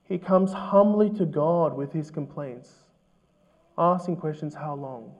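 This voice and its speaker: A man preaching a sermon as pastor, earnest and measured, asking his listeners questions. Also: on the high side, darkish tone, dull audio.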